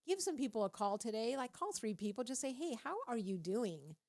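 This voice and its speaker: Animated, preachy woman radio host. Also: fairly high pitch, a little fast. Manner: animated and preachy, often laughing. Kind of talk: casual faith-based radio talk.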